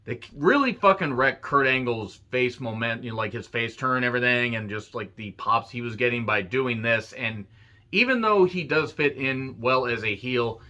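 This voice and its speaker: Male, casual wrestling recap, profane, wry rambling asides, sharp bright voice, muffled lo-fi sound. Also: mid-range voice, lively intonation, moderate pace. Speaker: wrestling show reviewer. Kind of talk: casual retro recap commentary. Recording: dull lo-fi recording.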